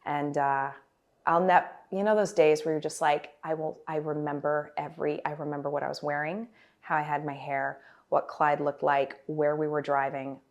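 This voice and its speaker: A woman's voice: deep voice, level tone, normal speed, darkish tone, lo-fi sound. A woman in her forties, a guest performer, chatting animatedly in an interview with many fillers and restarts. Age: 40s. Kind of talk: casual interview storytelling.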